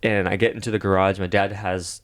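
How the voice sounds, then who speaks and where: A man's voice: deep voice, little pitch movement, a little fast, no room sound. A young man telling a long dream story on a podcast, rambling with lots of fillers and swearing. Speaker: podcast co-host. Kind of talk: casual storytelling.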